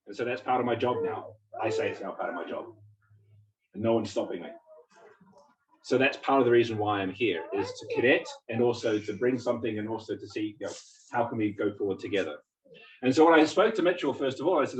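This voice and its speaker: A visiting physics lecturer from New Zealand, a man in his forties with an English-tinged accent, gives a chatty, self-deprecating public talk to a community gathering at a meeting house. His mid-range voice moves fairly quickly, and the lo-fi recording comes from a distant mic in a roomy hall.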